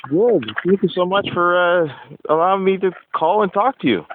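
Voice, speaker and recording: A man's voice: sits high, expressive, a little hiss or hum. A man interviewing a guest by phone, eager and slightly out of breath. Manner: eager, fast-talking. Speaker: podcast host and interviewer. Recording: tinny phone line.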